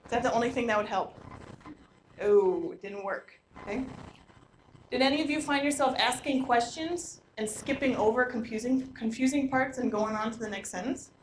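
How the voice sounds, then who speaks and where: A woman leading a teacher workshop, lively and quizzing the audience with questions in a large room. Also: on the high side, normal speed. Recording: echoey room, noisy live recording.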